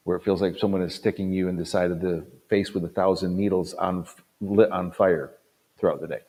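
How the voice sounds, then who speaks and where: A man around sixty, a pastor giving an earnest talk to other pastors, stressing points by repeating them and swinging between loud punches and quiet drops. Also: low voice, steady tone, fairly quick. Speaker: pastor and conference speaker.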